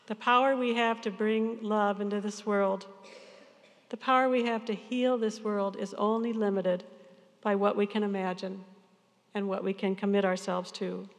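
A woman in her sixties, a pastor, giving an earnest, measured sermon to her congregation. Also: mid-range voice, fairly even intonation, in a large hall. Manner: earnest, measured farewell address.

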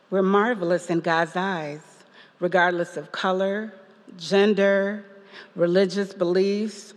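A woman's voice: mid-range voice, long reverb tail. A woman giving a personal testimony at a church service, telling a story with quoted voices and laughter. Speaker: parishioner giving a reflection.

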